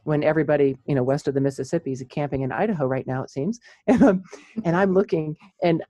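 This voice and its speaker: Animated woman psychologist telling stories. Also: low voice, quick pace, no echo. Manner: animated storyteller, laughs often. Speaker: clinical psychologist. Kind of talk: casual chat on psychology.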